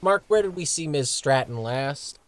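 A man's voice: a little high, expressive, moderate pace. A man co-hosting a casual podcast, joking and sometimes tripping over his words. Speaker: podcast co-host.

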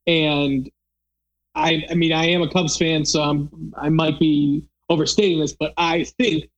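A man's voice: a little high, little pitch movement, unhurried, highs cut off. A man hosting a casual podcast, chatting loosely with lots of fillers and restarts. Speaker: podcast host. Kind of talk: casual chat.

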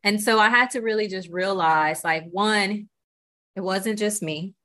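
A woman's mid-range, fairly bright voice comes through a little slowly as she speaks as a podcast guest. Candid and earnest, she reflects aloud and often checks in by saying "you know" or "right?".

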